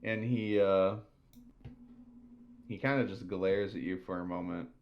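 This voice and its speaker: Low-voiced man running a tabletop game. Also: steady tone, unhurried, dull audio, slight background noise. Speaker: game master.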